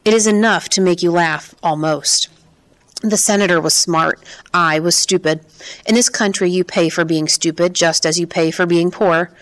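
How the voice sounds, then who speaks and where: A woman reading the lines of a frail, grieving old man who speaks quietly and slowly in an audiobook. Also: lowish voice, steady tone, lightly acted. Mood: weary. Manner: quiet, measured.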